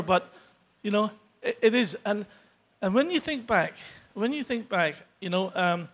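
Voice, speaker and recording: A man giving an unscripted church testimony, halting and earnest. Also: high voice, expressive, a bit bright. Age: 60s. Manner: halting, many restarts and fillers; earnest, grows emotional toward the end.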